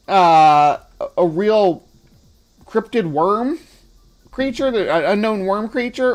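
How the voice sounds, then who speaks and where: A man hosting a casual livestream, chatty and playful, often laughing. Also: sits high. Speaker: livestream host.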